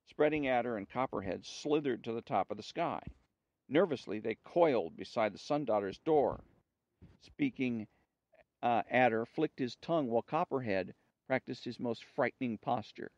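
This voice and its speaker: A man reading a story aloud in a slow, measured way, with small slips now and then, on a dull dry recording. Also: medium pitch, expressive, a little mellow, no room sound.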